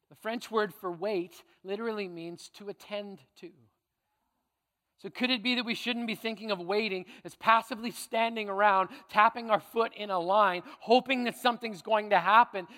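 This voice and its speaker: A pastor delivering a conversational sermon full of playful asides and tag questions. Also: male voice, high voice, fairly bright tone, in a large hall.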